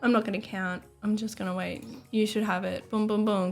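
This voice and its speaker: An Australian woman streamer chatting casually, rambling and excitable, swearing and laughing often. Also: medium pitch, a little fast, vocal fry, few pauses, faint music behind.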